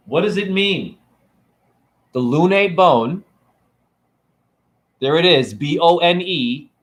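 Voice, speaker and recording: A man's voice: fairly high pitch, lively intonation, takes it slowly. A man live-streaming as a self-styled spiritual teacher to his chat, preachy and taunting, firing off rhetorical questions. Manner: preachy and taunting, keeps asking "right?". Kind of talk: live-stream rant to viewers. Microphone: phone camera.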